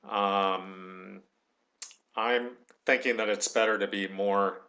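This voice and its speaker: A man's voice: on the low side, steady tone, takes it slowly, sharp tone. A man giving a recorded tutorial, thinking aloud as he works and dictating punctuation marks. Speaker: tutorial instructor.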